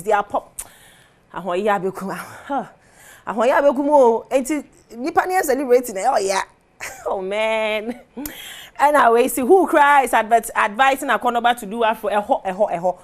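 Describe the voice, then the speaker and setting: A woman's voice: a little high, expressive, normal speed. A woman with a Ghanaian accent hosting a TV entertainment segment, chatting animatedly and laughing as she switches languages. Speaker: TV show host. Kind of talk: casual entertainment commentary. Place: TV studio.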